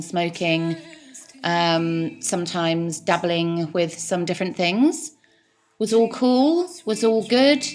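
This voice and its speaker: A woman's voice: fairly low pitch, fairly bright tone. A woman in her forties, a life coach, talking candidly and reflectively about her own experience, with plenty of fillers and restarts. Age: 40s. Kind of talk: reflective personal talk.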